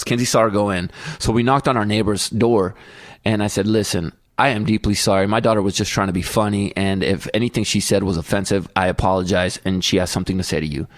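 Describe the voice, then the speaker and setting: Chatting casually as a podcast co-host, a middle-aged man relates a family story and imitates his kids' voices. He speaks quickly in a lowish voice, and the studio recording is clean with no room sound.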